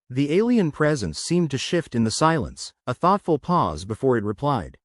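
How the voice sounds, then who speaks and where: A male narrator reads a sci-fi short story from a script, with lively, expressive pitch movement. The recording is dry and close, with no room sound. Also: normal speed, few pauses, no echo.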